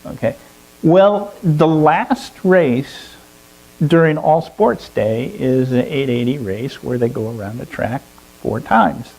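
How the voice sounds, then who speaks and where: A man telling a long story to a fellowship gathering in an animated way, often chuckling. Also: medium pitch, slow pace, creaky, low-quality recording. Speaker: speaker at a fellowship service. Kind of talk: storytelling sermon.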